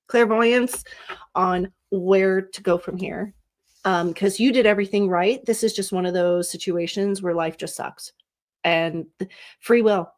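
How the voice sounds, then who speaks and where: A woman at a middle pitch hosting a live stream of psychic card readings. She chats casually and warmly with viewers, calls them honey, and reads each card's meanings aloud as a string of keywords. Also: slight background noise. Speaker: psychic reader and channel host.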